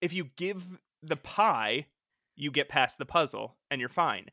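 A man co-hosting a podcast in casual chat, animated and laughing often as he acts out his reactions. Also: a little high, a little slow, dry recording, studio quality. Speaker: podcast co-host.

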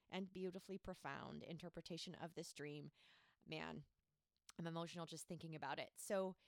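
A woman hosting a faith podcast, teaching with earnest emphasis and chatting warmly with a friend. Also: fairly low pitch, dry recording, clean studio sound. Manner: earnest, emphatic, laughs often. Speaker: podcast host.

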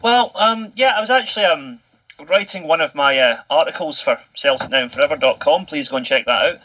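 A Scottish man in his thirties talking on a casual podcast, his voice pitched a little high and very bright. He tells his stories in an animated, chatty way and swears without a second thought. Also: fairly quick, highs cut off. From Scotland. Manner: animated storytelling, swears freely. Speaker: podcast guest.

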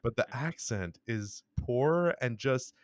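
A man co-hosting a casual podcast chat, giving blunt, wry criticism with halting restarts. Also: mid-range voice, lively intonation, no room sound, clean studio sound. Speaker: podcast co-host.

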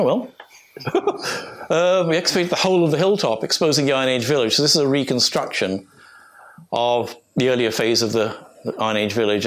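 Chatty older Englishman giving a slide talk. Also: mid-range voice. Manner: rambling, chatty, self-interrupting with fillers and restarts. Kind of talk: informal illustrated lecture.

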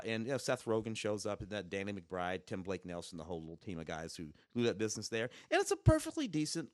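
A man co-hosting a podcast, talking about films in an emphatic, animated way. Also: lowish voice, dry recording, studio quality. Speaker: podcast co-host, film reviewer. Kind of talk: casual review chat.

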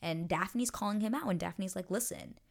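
A woman hosting a casual recap, acting out quoted lines in an animated way with frequent laughs and dips into whispers. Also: medium pitch, moderate pace, creaky. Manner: animated, lots of likes and laughs, slips into whispers. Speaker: podcast host recapping a TV episode.

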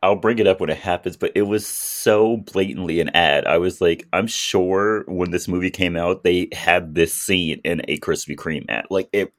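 Very low-voiced man recapping a movie. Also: moderate pace, few pauses. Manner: laid-back, recaps plot with quoted character lines. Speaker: podcast co-host. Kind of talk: casual movie recap chat.

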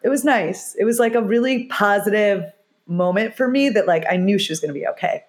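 A woman's voice: medium pitch, brisk. A middle-aged woman, a guest in an interview, talking openly and emotionally in loose, restarting sentences. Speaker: expert guest. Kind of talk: conversational interview.

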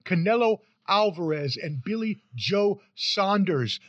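A high-voiced man hosts a casual sports podcast, joking and animated, swinging from fast rambling runs to sudden loud whoops. His voice is dry and close, with slightly muffled sound. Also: dry recording. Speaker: podcast host.

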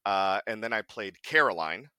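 A man's voice: lowish voice, moderate pace, clear, resonant tone, no room sound. A man, a voice actor guest, telling stories in a casual podcast chat, acting out quotes and laughing often. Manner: animated storyteller, acts out quotes, laughs often.

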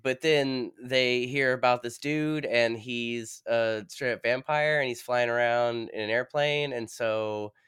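A man's voice: mid-range voice, steady tone, unhurried, few pauses, fairly bright tone, smooth, no echo, clean studio sound. Profane, blunt man recapping a movie. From New England. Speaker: podcast co-host. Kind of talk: casual chat.

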